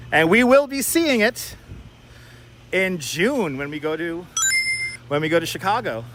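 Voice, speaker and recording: A man's voice: sits high, animated, slow pace, pauses often, fairly bright tone. A man live streaming while walking city streets, chatting casually, joking and greeting viewers by name. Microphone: wireless clip-on mic. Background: faint city traffic.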